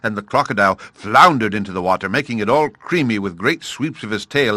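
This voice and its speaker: A man's voice: lowish voice, a little fast, bright, forceful tone, no echo. A man narrating a classic storybook aloud, addressing his listener fondly as he tells the tale. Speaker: audiobook narrator.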